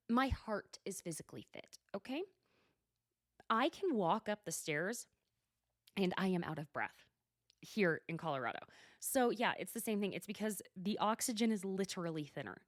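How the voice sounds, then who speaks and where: A young adult woman hosting a solo TV recap podcast, gossipy and animated, swearing freely and laughing often. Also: fairly low pitch, dry recording, studio quality. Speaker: podcast host. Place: lives at altitude, records at home.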